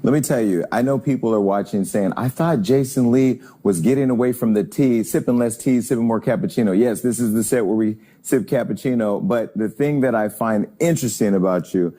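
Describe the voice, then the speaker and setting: A man in his forties hosts an interview in a mellow, mid-pitched voice. He is reflective and conversational. He ties what his guest says to his own experience. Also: brisk, few pauses. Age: 40s.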